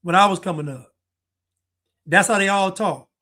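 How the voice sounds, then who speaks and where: High-voiced man chatting on a livestream. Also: normal speed, bright, forceful tone. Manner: chatty, musing, trails off and restarts. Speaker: livestream commentator. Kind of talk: casual live-stream commentary.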